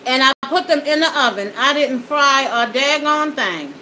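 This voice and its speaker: A woman's voice: high voice, expressive, moderate pace, bright, forceful tone, a little hiss or hum, poor audio. A woman vlogger chatting folksily to her viewers while eating, at home in front of a backdrop and studio lights. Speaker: mukbang vlogger.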